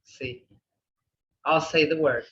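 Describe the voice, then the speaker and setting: An older woman teaching a language class, repeating words slowly and checking in with "okay?". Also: low voice, fairly even intonation, fairly bright tone. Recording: echoey, distant, dull room recording.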